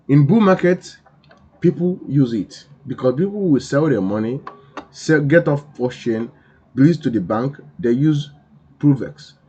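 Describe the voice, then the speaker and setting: Man, crypto vlog host, preachy and emphatic, raspy voice, muffled lo-fi sound. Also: on the high side, a little mellow. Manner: insistent, repetitive, preachy. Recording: dull lo-fi recording.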